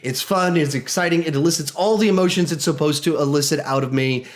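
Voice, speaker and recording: A fast-talking man with a voice on the high side reviews a movie casually and with lively enthusiasm. He often restarts sentences and acts out quotes.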